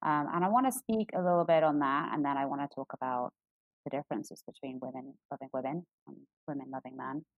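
A woman co-hosting a casual chat, candid and animated, with lots of fillers and restarts. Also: a little fast, dry recording, narrow, tinny audio. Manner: candid and animated, jumps into high voices for quotes. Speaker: podcast co-host.

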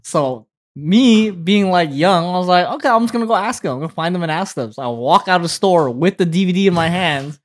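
A man's voice: high-pitched, expressive, brisk, few pauses. A young man co-hosting a casual podcast, telling a story and acting out his younger self. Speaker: podcast co-host.

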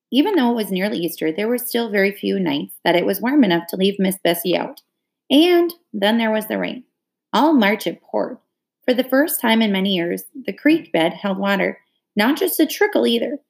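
Woman reading a kids' book out loud, steady expressive narration. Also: mid-range voice, gravelly. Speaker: reader. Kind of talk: storybook reading aloud.

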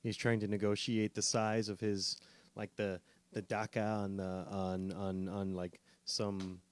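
A man's voice: fairly low pitch, flat delivery, measured pace, no room sound. A man co-hosting a political talk show, musing and joking wryly.

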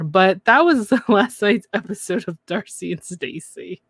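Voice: medium pitch, a little slow, breathy edge, dry recording, clean studio sound. A podcast co-host giving a casual, chatty recap of a reality TV episode, often slipping into mocking impressions of the cast. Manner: chatty, lively, mimics cast members mockingly.

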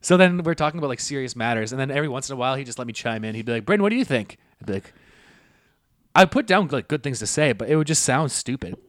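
A man's voice: mid-range voice, expressive, fast, no echo, studio quality. A young man co-hosting a podcast in casual chat, rambling through sweary anecdotes. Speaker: podcast co-host.

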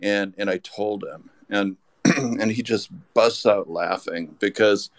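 A man's voice: lowish voice, slow pace, dry recording. A man telling a rambling anecdote as a podcast guest, with lots of restarts. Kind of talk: casual storytelling.

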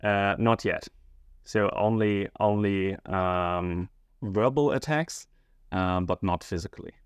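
A male schoolteacher answering interview questions hesitantly, often pausing and searching for words. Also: deep voice, clean tone, no room sound. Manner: hesitant, many fillers and restarts, searching for words.

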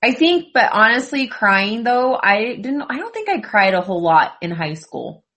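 A woman's voice: fairly high pitch, sing-song, normal speed, fairly bright tone. A woman chatting with friends, rambling through stories and laughing at them herself. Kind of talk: casual chat.

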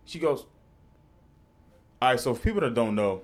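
Man, podcast host, casual studio chat, lively swinging pitch, heavy swearing, animated storytelling. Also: normal speed.

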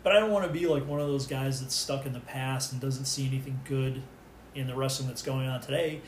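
A man's voice: medium pitch, brisk. Rambling middle-aged man in echoey room. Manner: rambling, many restarts and fillers. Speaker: guest. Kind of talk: casual podcast chat about wrestling. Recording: echoey room, faint background noise.

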